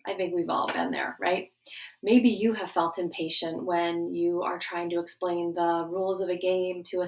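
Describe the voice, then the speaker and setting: Woman, middle-aged, gentle children's lesson, coaxing tone, slightly distant mic. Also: lowish voice, gravelly. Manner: warm, coaxing teacher voice, guiding breathing.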